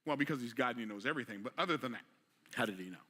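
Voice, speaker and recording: A man delivers a motivational sermon in a bright, forward voice. He keeps putting rhetorical questions to his listeners and talks in plain, everyday speech. He drops to a hush, then builds up to a forceful climax. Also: medium pitch, expressive, rapid-fire. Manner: rhetorical questions, swings between quiet and emphatic; casual vernacular delivery. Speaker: preacher.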